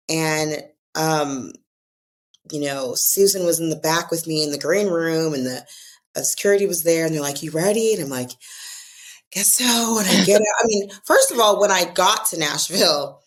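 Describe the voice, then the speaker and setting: A guest author with an American accent and a low voice tells a personal story in a casual podcast conversation. She acts out the voices of the people she quotes.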